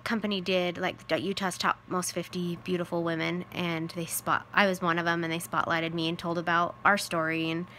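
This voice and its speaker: A woman's voice: fairly low pitch, little pitch movement, moderate pace, hardly any pauses, bright, forceful tone, slight background noise. A woman in her thirties, a widowed mother, telling a personal story in a casual, rambling way, full of "like" and "you know".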